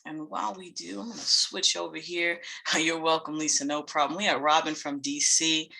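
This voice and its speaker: A woman hosts a live online webinar, welcoming attendees by where they are joining from. Her voice is bright and forceful, and she keeps an upbeat, laughing tone, heard through a computer mic. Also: low-pitched, little pitch movement, moderate pace, vocal fry. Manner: upbeat, greets attendees by location, laughs often. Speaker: webinar host and facilitator.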